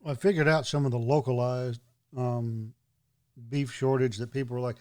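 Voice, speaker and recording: Mid-pitched male guest, dry sarcastic storyteller, relaxed chat. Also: moderate pace. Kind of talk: casual chat.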